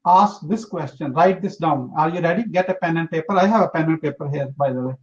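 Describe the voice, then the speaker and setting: Earnest high-voiced man giving advice. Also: quick pace, a little mellow, muffled recording. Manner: earnest, emphatic, repeats for emphasis. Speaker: interview guest, entrepreneur. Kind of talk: motivational interview talk.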